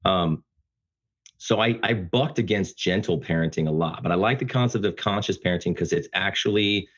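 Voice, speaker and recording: A man speaking as a podcast guest, talking about fatherhood in an earnest, emphatic, loud-voiced way. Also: low voice, lo-fi sound. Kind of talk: casual interview conversation.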